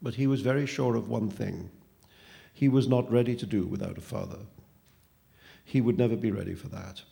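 A man reading a story aloud in calm, measured narration. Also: mid-range voice, creaky.

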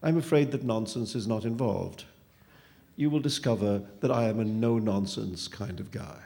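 A man's voice: fairly low pitch, normal speed, gravelly, mellow. A man reading a story aloud, voicing a pompous male phantom who speaks in precise, wordy and falsely kindly tones. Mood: smug.

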